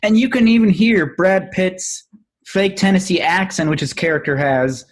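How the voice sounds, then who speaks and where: A man's voice: sits high, moderate pace. A man hosting a casual film-discussion podcast over an online call, explaining scenes with enthusiasm. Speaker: podcast host.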